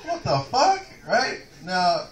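A man's voice: sits high, wildly swooping pitch, takes it slowly. A man doing a rambling, profane stand-up set in a comedy club. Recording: echoey club, taped from far off.

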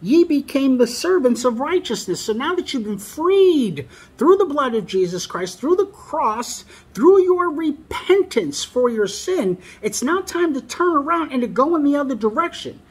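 A man's voice: very high voice, very animated, a little slow. A man preaching a sermon, reading scripture aloud and stressing key phrases by repeating them.

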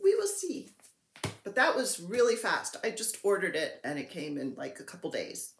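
A woman chatting casually as a cross-stitch vlogger, excitable and playful as she gushes over her purchases. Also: medium pitch, moderate pace, slight background noise. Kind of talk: casual show-and-tell chat. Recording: roomy echo.

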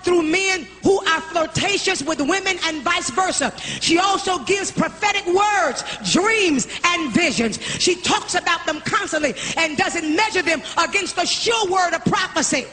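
A woman's voice: very high-pitched, unhurried, hardly any pauses, pushed and bright, faint music behind. A woman preacher delivering a fiery sermon, repeating her points and calling out her congregation. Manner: fiery, repetitive, calls out the congregation. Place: church sanctuary. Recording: live church with congregation noise.

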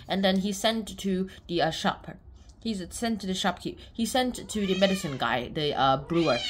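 A woman's voice: on the low side, a little hiss or hum. A woman casually summarizing a short story, rambling with lots of fillers. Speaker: book reviewer.

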